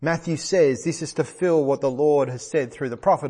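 A man's voice: on the high side, moderate pace, hardly any pauses, warm tone, breathy edge. A middle-aged man preaching a sermon, earnest and emphatic, repeating phrases for stress.

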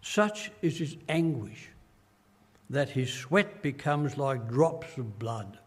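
Slow, earnest older preacher in a hall. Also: male voice, medium pitch, sing-song, slightly rough. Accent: Australian. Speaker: pastor. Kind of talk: sermon.

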